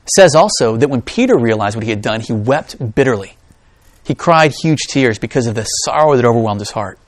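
This pastor reads scripture aloud and then addresses his congregation with lively asides and jokes. His voice is medium in pitch and brisk, with no room sound in the recording.

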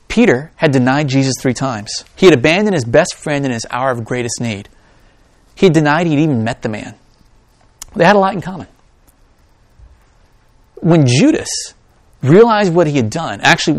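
A man's voice: medium pitch, dry recording. A man preaching a sermon, reading scripture aloud and then talking to his congregation with asides and jokes. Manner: reads scripture aloud, then talks to the congregation in an animated, joking way. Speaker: pastor.

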